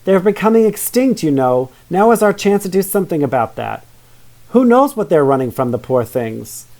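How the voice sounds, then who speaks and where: A man's voice: a little high, normal speed, mellow, natural voice. A man reading a storybook aloud and voicing a bossy, determined young girl who talks insistently. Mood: passionate. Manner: insistent, passionate.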